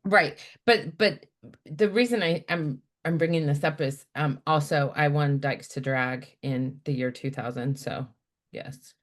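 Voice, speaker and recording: A woman podcast host in casual chat, telling stories in an animated, quick way. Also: sits low. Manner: animated storyteller, quick, many fillers.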